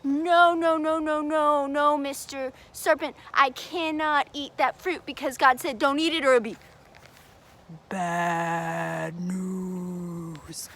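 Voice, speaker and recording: A woman voicing Eve as an eager, cheerful young woman in a children's Bible story, bubbly and excited. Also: high voice, slow pace, exaggerated voice. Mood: refusing.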